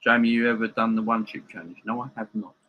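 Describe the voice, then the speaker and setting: A man's voice: on the low side, steady tone, fast, phone-quality sound. A man hosting a live football watchalong from home, chatting casually and bantering with viewers as he reads their comments.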